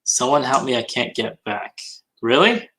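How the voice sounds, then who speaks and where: A man's voice: medium pitch, expressive, measured pace, fairly bright tone, low-quality recording. A man on a casual livestream hangout, chatting and reading comments while he works, often muttering to himself.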